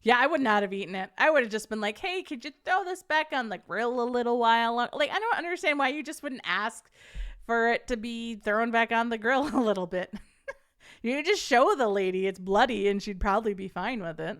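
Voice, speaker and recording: A woman's voice: on the high side, brisk. Giggly woman reading stories aloud. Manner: laughs often, animated storytelling. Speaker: podcast host reading stories. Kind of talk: casual chat reading aloud to live chat.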